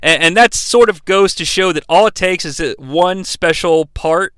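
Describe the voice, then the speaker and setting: A man's voice: sits high, moderate pace, a bit bright, clear, resonant tone, no echo. A man hosting a podcast, recapping a wrestling match in a chatty, profane, enthusiastic way. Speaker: podcast host.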